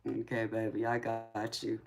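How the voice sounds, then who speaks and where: A rumbling low, darkish voice belongs to a Southern tarot reader with a thick accent. On her live stream she talks casually with viewers, uses pet names such as baby and darling, and laughs often.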